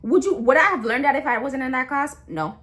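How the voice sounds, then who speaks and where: A woman's voice: sits high, lively intonation, brisk, fairly bright tone. A young adult woman in a blunt, impassioned rant, slangy and full of repeats and restarts. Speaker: vlogger. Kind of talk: casual ranting monologue.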